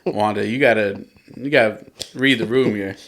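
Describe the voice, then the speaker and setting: A man's voice: on the low side, normal speed, a bit bright. A man hosting a podcast, retelling a comic book story in a casual way and chuckling often as he goes. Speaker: podcast host.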